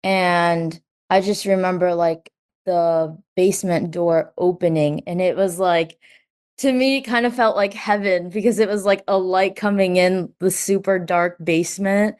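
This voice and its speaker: Young woman, lower voice, heavy use of "like", animated quoting, interview guest. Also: a little slow, smooth. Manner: says "like" constantly, quotes herself and others in lively bursts. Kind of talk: personal story in an interview.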